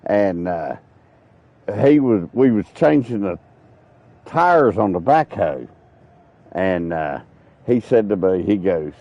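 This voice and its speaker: Man, gaming streamer, casual profane storytelling, animated pitch, dry muffled sound. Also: unhurried, vocal fry, pauses often, dry recording. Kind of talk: casual chat while playing.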